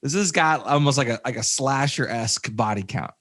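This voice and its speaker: A man's voice: medium pitch, brisk, a bit bright. Rambling man on a movie podcast. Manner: rambling, many fillers and restarts. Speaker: podcast co-host. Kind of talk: casual movie review chat.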